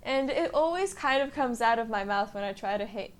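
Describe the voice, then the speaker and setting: A woman's voice: a little high, lively intonation, brisk, smooth. Giggly young woman rambling on a podcast. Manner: rambling, self-mocking, giggly. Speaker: podcast host. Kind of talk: casual solo podcast chat.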